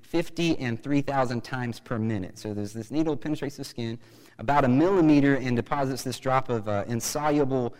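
A man preaching a sermon, chatty and joking, rising to loud emphatic bursts. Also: mid-range voice, brisk, long reverb tail, poor audio. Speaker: pastor.

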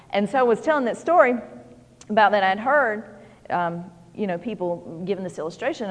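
A woman's voice: medium pitch, long reverb tail. A woman preaching a sermon in a folksy, conversational storytelling manner, full of "you know"s.

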